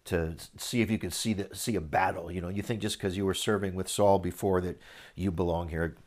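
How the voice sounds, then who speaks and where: A man's voice: deep voice, steady tone, a little fast, a little mellow, lightly acted. A man paraphrasing a mocking older brother, sarcastic.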